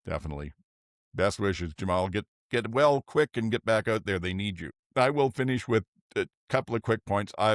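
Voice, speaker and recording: A man's voice: lowish voice, no room sound, studio quality. An older man hosting a podcast, chatting casually about football and thinking aloud as he goes. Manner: relaxed, thinks aloud with restarts. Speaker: podcast host. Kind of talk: casual sports chat.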